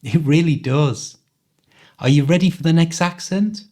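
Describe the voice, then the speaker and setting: A man with a mild Liverpool Scouse accent hosting an accent quiz, upbeat, clear and instructive. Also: fairly high pitch, unhurried, darkish tone. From Liverpool, England. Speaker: host and English coach.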